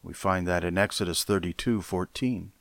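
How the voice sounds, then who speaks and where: A male pastor preaching a sermon with deliberate, emphatic phrasing and pointed pauses. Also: sits low, vocal fry, dry recording.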